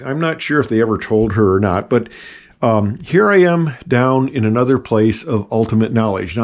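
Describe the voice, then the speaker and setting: Showing off his house and attic office, a retired pilot and engineer in his seventies chats and rambles, full of fillers and jokes at his own expense. His voice is medium in pitch and a little mellow, with slight background noise.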